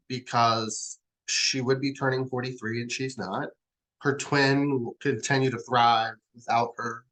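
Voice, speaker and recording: A man's voice: medium pitch, fairly bright tone, rough recording. A man in his forties, an interview guest, telling a heartfelt personal story and acting out the lines of others. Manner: heartfelt, acts out quoted lines. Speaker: guest, charity founder.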